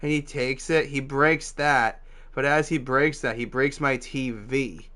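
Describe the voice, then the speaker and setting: Smooth-voiced young man telling a story. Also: medium pitch, fairly even intonation, measured pace, sharp tone. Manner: loose and profane, heavy "like" fillers. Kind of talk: casual storytime.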